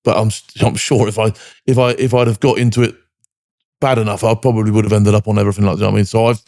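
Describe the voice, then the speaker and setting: A fast, gravelly man past forty telling hard stories bluntly, swearing freely. His voice is dark and husky-edged, recorded dry and close. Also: on the low side, little pitch movement, no room sound. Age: 40s or older. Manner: blunt, heavy swearing, frequent "do you know what I mean". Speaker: guest, military veteran. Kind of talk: candid podcast interview.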